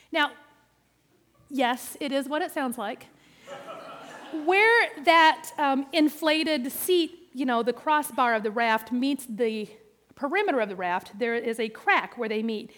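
High-voiced woman telling a lively story. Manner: animated and playful, jumps into quoted voices. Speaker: speaker telling a story to an audience. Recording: long hall reverb.

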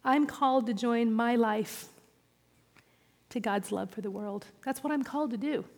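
Woman pastor, lively self-deprecating sermon delivery, reverberant hall sound. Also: a little high, normal speed. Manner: personal and animated, with self-deprecating humor.

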